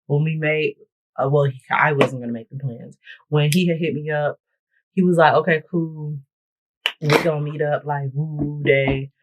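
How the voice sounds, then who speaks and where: A beauty vlogger with a low-sitting voice does her makeup and hair while bluntly and profanely chatting through a get-ready-with-me storytime. The sound is lo-fi.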